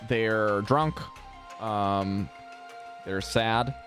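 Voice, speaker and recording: A man running a tabletop game as game master, narrating in a laughing, animated way. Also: lowish voice, extremely slow, soft background music.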